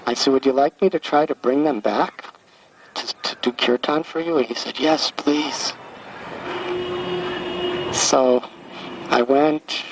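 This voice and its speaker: A man in his sixties from the United States, a spiritual teacher telling a devotional story in a gentle, halting way, often repeating words as he recalls. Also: mid-range voice. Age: 60s. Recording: distant mic with faint background hiss.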